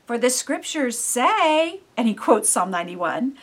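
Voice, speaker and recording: A woman's voice: fairly high pitch, sing-song, a little slow, hardly any pauses. A woman giving a devotional Bible teaching in an earnest, conversational way.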